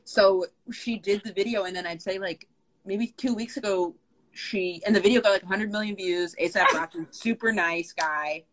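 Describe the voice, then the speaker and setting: A woman's voice: mid-range voice, normal speed, a bit bright, low-quality recording. A young woman co-hosting a casual chat, telling a long story with lots of "like" and plenty of swearing. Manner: rambling, lots of "like", swears freely. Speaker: podcast co-host.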